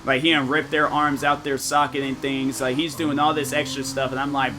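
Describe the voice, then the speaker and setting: A young man streaming games, chatting casually with his viewers and telling animated, slang-filled stories. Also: medium pitch, moderate pace, hardly any pauses, a little hiss or hum. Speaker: gaming streamer.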